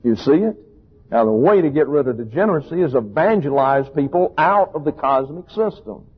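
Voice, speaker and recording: A man's voice: fairly high pitch, animated, normal speed, breathy edge. A man preaching a sermon emphatically and with scorn, asking rhetorical questions. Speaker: pastor. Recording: tinny phone-like recording.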